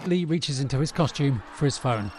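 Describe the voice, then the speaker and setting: A man reads audio description in a neutral, matter-of-fact manner. His voice sits at a mid pitch, and loud background noise runs under it. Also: expressive, moderate pace. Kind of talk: scripted narration.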